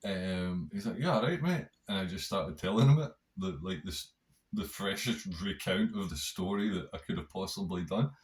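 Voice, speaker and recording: A man's voice: low-pitched, moderate pace. A man hosting a podcast, telling a rambling story in a casual monologue, swearing constantly. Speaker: podcast host.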